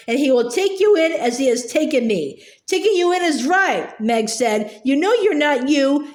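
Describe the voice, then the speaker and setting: A woman's voice: sits high, echoey room. A woman reading a novel aloud, stumbling and restarting now and then and raising her voice for the characters' lines. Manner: reads with small slips and restarts, lifting her voice for dialogue. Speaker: reader.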